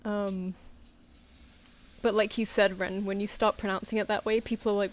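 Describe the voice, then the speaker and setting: On her drawing stream, a young woman doing live commissions chats casually at a moderate pace. Her mid-range voice has a flat delivery, yet she tells anecdotes full of laughs and acted-out quotes.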